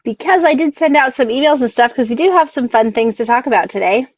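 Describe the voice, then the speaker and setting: A woman's voice: high voice, fast talker, no echo. A woman co-hosting a casual live stream, rambling, laughing often and tripping over her words. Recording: dull, dry lo-fi sound.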